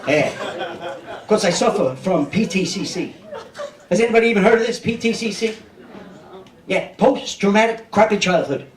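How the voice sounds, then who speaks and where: A man's voice: high-pitched, moderate pace, long pauses. Brash New comic in his fifties. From Brooklyn, New York. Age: 50s. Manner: brash, streetwise, keeps checking in with the crowd. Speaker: stand-up comedian. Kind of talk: stand-up comedy set. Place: comedy club stage. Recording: echoey club, mic heard from a distance, audience noise.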